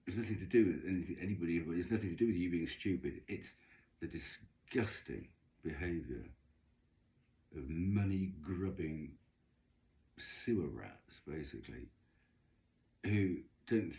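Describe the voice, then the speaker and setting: A man talks in a very low voice that still swoops widely up and down. His chatty, gossipy rambling about tarot cards and neighbours is full of camp asides. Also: animated, measured pace, mellow. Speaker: vlogger doing tarot readings. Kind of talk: casual rambling monologue.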